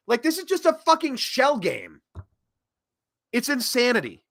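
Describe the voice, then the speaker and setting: Guy ranting on his politics show, voice jumps all over, bright and sharp, dry close sound. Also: very high-pitched, moderate pace, dry recording. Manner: animated ranting, swings loud and soft. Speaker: host. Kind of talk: opinionated political commentary.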